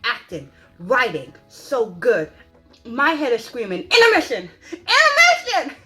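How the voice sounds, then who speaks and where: A woman giving an excited, dramatic spoken movie review, stressing points with repeated rhetorical questions. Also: a little high, slow pace, faint music behind. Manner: dramatic, emphatic, repeats "okay?" for emphasis.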